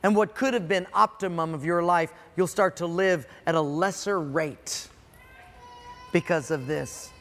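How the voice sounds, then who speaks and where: A man preaching a sermon to a congregation, dramatic, swinging between loud emphasis and quiet, drawn-out words. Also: a little high. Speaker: pastor. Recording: long hall reverb.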